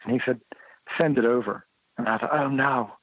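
A man's voice: mid-range voice, normal speed, no room sound. A man talks through a thin, phone-like line with a dry, close sound. He tells his stories casually and animatedly. He slips into the voices of the people he quotes. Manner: lively anecdotal, acts out quoted dialogue. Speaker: interview guest, motorcycle writer and blogger. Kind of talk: casual storytelling interview.

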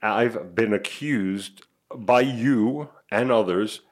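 A man with a voice on the low side talks slowly. As a podcast co-host, he chats casually and tells stories in a laid-back way.

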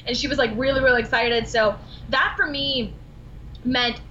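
A woman guest on a podcast interview, telling animated stories full of acted-out quotes and laughter. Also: sits high, normal speed, highs cut off, a little hiss or hum. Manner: bubbly, animated storytelling with quoted dialogue and laughs. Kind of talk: casual interview chat.

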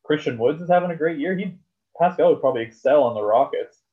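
A man's voice: a little high, quick pace. A man, rambling about basketball in casual chat with lots of fillers and swearing. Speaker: podcast co-host. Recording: tinny phone-like sound.

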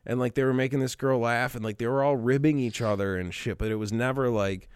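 A man's voice: mid-range voice, quick pace, smooth, no echo. A man telling a crude story in casual chat, swearing often and laughing along the way. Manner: profane, animated, laughing storyteller.

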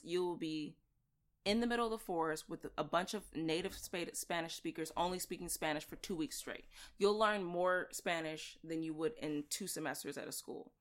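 A woman in casual podcast chat, explaining things in a chatty, emphatic way. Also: lowish voice.

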